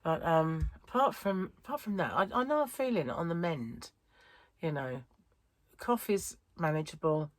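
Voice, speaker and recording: Low-voiced tired woman chatting. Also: big pitch swings, normal speed, no room sound. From United Kingdom. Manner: rambling, chatty, self-interrupting. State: tired, wheezy chest. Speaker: crochet vlogger. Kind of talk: casual chat vlog.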